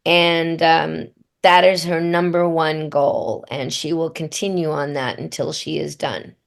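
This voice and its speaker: A woman's voice: low voice, level tone, a little slow, creaky. A middle-aged woman from Australia, answering interview questions in a reflective storytelling manner. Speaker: voice actor guest.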